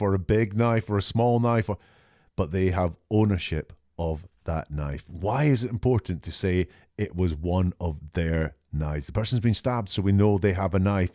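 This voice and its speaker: A male podcast host giving measured, reflective analytical commentary and reading out quoted lines as he goes. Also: deep voice, mellow, dry recording, clean studio sound.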